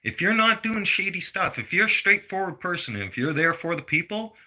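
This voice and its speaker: A man's voice: high-pitched, sing-song, moderate pace, bright, forceful tone. A man, delivering a blunt, heated political rant full of swearing. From Canada. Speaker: vlogger.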